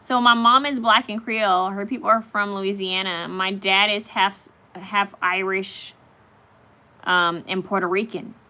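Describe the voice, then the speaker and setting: A woman's voice: mid-range voice, fairly even intonation, measured pace, bright, forceful tone. A woman hosting a casual live stream, chatting straight to her viewers and reacting to their comments as they come in.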